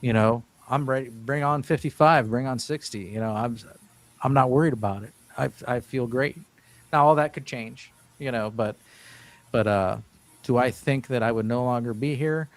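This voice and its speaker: A man's voice: medium pitch, normal speed, dry recording. A man in his fifties, a guest in an interview, telling his story in an earnest, rambling way with many restarts. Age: 50s. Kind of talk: casual interview talk.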